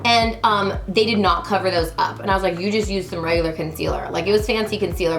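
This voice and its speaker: A woman's voice: mid-range voice, echoey room. A woman in her thirties chatting through a makeup tutorial, bubbly and talking straight to her viewers. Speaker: beauty vlogger.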